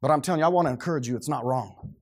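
A man delivers a sermon full of theatrical energy, playing out scenes and moving from soft, low moments to shouting. He speaks at a racing speed.

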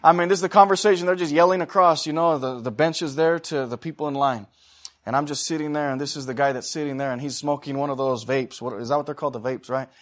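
A man preaching with a fairly high voice. He moves between fervent, rising exhortation and quiet, chatty anecdotes. He often pauses to draw an "amen" from the congregation. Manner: swings between loud fervent exhortation and quiet conversational storytelling; calls for responses from the congregation. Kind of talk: sermon.

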